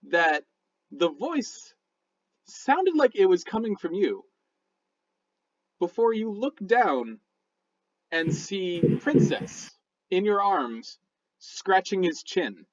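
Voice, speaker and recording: A man's voice: high voice, sing-song, very slow, long pauses. A man narrating as dungeon master in a loose, casual way full of fillers. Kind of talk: narrating a tabletop game. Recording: dull lo-fi audio.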